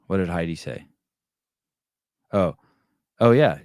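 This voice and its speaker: A man's voice: low-pitched, lively intonation, slow, darkish tone, no room sound, clean studio sound. A middle-aged man hosting a podcast in casual chat, profane and joking, telling stories with voiced quotes. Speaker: podcast host.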